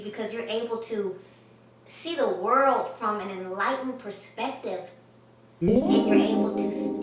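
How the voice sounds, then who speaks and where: Speaking straight to her viewers, a grammar teacher gives an emphatic, enthusiastic online lesson in a fairly high voice. She sits far from the microphone in an echoey room, and the background is noisy.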